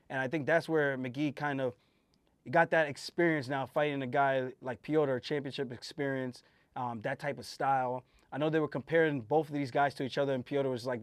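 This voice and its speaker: A man, a host and fighter, giving a casual fight breakdown in an emphatic, animated way and swearing freely. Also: mid-range voice, normal speed, dry recording.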